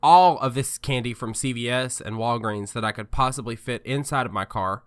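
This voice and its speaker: A man's voice: medium pitch, normal speed, clear, resonant tone. A man hosting a podcast in casual chat, joking and riffing playfully. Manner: jokey, playful, riffs on others. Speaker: podcast host.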